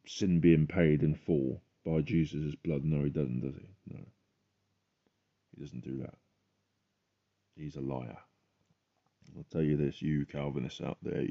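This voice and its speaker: A man's voice: extremely low pitch, dull audio. A man hosting a podcast, giving a fervent, emphatic religious testimony.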